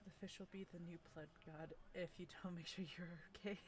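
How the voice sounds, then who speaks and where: A woman's voice: lowish voice, animated, normal speed. A woman hosting a livestream where friends read fanfic together. She giggles often, puts herself down, and stumbles and restarts her words. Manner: giggly and self-deprecating, laughs often between lines. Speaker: streamer hosting a group fanfic reading. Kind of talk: casual livestream chat.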